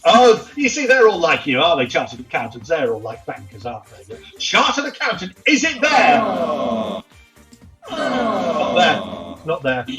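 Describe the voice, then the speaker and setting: Camp, lively high-voiced male presenter. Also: moderate pace, over music, poor audio. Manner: animated, teasing, exclaims loudly. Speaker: guest presenter hosting a mock phone-in quiz. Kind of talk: camp, theatrical banter.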